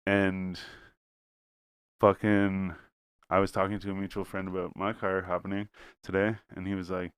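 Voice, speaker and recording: A man telling a rambling story in casual podcast chat, swearing freely and jumping up in pitch whenever he quotes someone. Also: moderate pace, clear, resonant tone, dry recording, studio quality. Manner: animated, jumps in pitch when quoting people.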